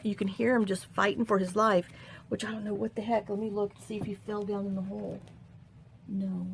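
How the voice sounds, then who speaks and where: A woman's voice: mid-range voice, fairly even intonation, brisk, gravelly, slight background noise. A middle-aged woman hosting a crafting tutorial at home, chatting in a rambling way with sighs and asides. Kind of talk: casual crafting tutorial chat.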